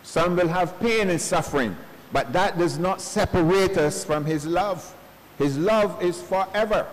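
A male pastor giving a funeral sermon in earnest, slow preaching sprinkled with homespun stories, recorded at a church service. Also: high-pitched. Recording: long church reverb.

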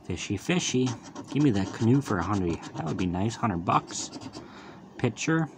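A man's voice: fairly low pitch, big pitch swings, moderate pace, creaky, background noise. A man hosting his own lottery channel, calling out each symbol with casual running commentary and upbeat wisecracks as he scratches tickets.

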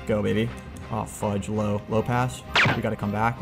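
A young man giving live commentary on his own football video game, excitable, yelling at plays and trash-talking. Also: on the low side, measured pace, soft background music. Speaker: gaming YouTuber.

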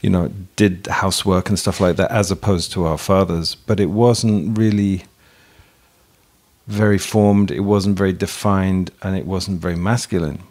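A man's voice: deep voice, fairly even intonation, moderate pace, a little mellow. A man in his fifties from England, a therapist, talking in a thoughtful, hesitant way and often restarting his sentences as an interview guest. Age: 50s. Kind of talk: reflective interview talk.

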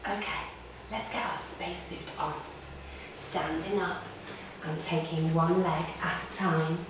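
Steady in tone and a touch slow, a kids' yoga teacher with a lowish voice leads a guided story-time class. She's playful, adding gasps and beeps, and the recording comes from a distant mic in an echoey room with noisy background.

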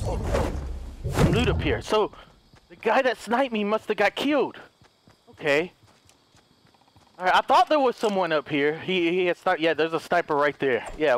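A man commentating his own gameplay, muttering to himself, then bursting into loud shouts and giggles, and swearing often. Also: a little hiss or hum. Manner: high-pitched giggling laughs. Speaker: gaming commentator.

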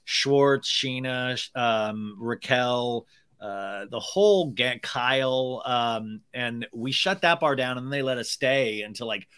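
A man's voice: medium pitch, takes it slowly, a bit bright, smooth. A man chatting casually as a podcast guest, telling gossipy stories with lots of fillers and restarts. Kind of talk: casual chat.

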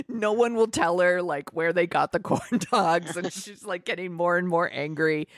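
A woman's voice: lowish voice, measured pace, fairly bright tone, dry recording, clean studio sound. A woman co-hosting a podcast, chatting casually with giggles and many "like" fillers. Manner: rambling, giggly, filler-heavy recommendations. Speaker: podcast co-host. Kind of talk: casual chat.

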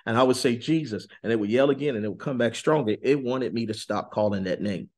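During a sit-down interview, a male guest gives earnest, intense testimony. He slows down on key words, and his pitch and volume jump up suddenly.

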